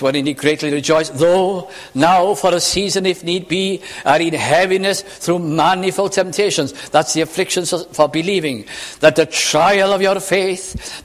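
A man preaching a sermon, reading scripture slowly and explaining it in an earnest, measured way. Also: sits high. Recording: reverberant hall.

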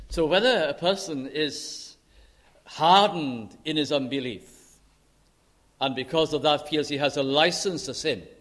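A man preaching a sermon in a measured, earnest way, slowing and speeding up for emphasis. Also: a little high.

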